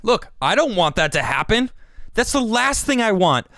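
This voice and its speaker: A man's voice: sits high, very animated, moderate pace, fairly bright tone, no room sound, clean studio sound. A man hosting a livestream and giving heated political commentary. He stammers, restarts and repeats his words. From United States. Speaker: show host.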